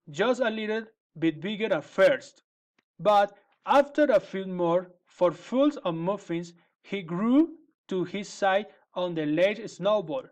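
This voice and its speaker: A man reading a children's fairy tale aloud in a gentle, measured way. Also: high-pitched. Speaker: storyteller. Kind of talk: storybook reading.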